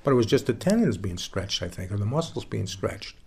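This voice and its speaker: A man being interviewed, telling stories from his years as a baseball pitcher in a relaxed, folksy way with some plain swearing. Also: brisk, vocal fry, breathy edge. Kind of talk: casual storytelling interview.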